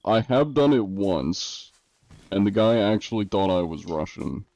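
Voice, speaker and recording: Low, mellow-voiced joking streamer man. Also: lively intonation, measured pace, no echo, muffled recording. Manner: dry, joking, answers chat. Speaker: game streamer. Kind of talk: casual live-stream chat.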